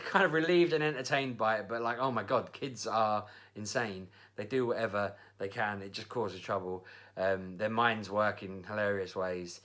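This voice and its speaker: Bright chatty father vlogging. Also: on the low side. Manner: chatty, rambling with fillers and laughs. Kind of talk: casual storytelling.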